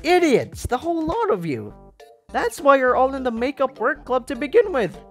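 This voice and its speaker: A gamer reading game dialogue aloud, voicing an angry schoolgirl who is afraid of expulsion, with a shrill, indignant voice. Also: sing-song, measured pace, a bit bright, soft background music, full character voice.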